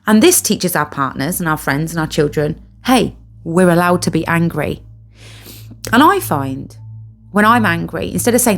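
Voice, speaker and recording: A woman's voice: on the low side, lively intonation, normal speed, creaky, fairly bright tone, faint music behind. A middle-aged British woman talking earnestly to camera about spiritual healing, stressing and repeating her key phrases. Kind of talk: casual monologue to camera.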